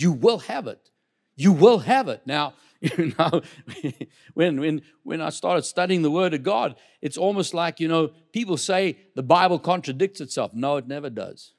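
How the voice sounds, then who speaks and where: Lively preaching man, high animated voice. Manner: lively preaching with many asides and repetitions. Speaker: pastor. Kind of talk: sermon. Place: church.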